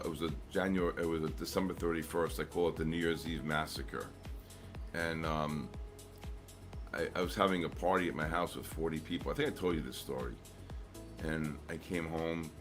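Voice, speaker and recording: A middle-aged man trading live on a stream, chatting casually and rambling through stories with lots of fillers and restarts. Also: very deep voice. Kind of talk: casual chat.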